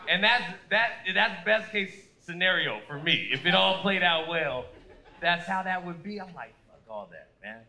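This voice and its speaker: A man in his thirties doing an animated, profane stand-up set on a club stage, acting out other people's voices as he goes. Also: sits high. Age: 30s. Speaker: stand-up comedian. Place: comedy club stage with a laughing audience. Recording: live club recording with audible room noise.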